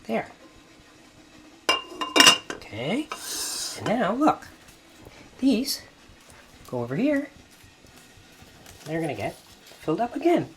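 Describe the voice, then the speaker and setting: A man hosting a cooking video in a home kitchen, gently narrating each step as he works. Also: high-pitched, wildly swooping pitch, slow pace, long pauses, a little hiss or hum. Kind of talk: cooking demonstration.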